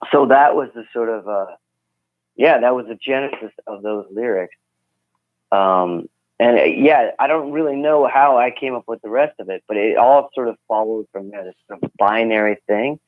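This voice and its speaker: A man calling in as a guest musician, telling rambling, relaxed stories about his songs over the phone. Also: medium pitch, moderate pace, dry recording. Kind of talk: casual phone interview. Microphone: phone call. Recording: tinny phone line.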